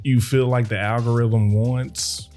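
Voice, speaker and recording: A man with a dark, mellow voice co-hosts a podcast. He chats in a slangy, unhurried way. Soft music sits in the background. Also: mid-range voice, flat delivery. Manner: laid-back, slangy, agreeable. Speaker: podcast co-host. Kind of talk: casual chat.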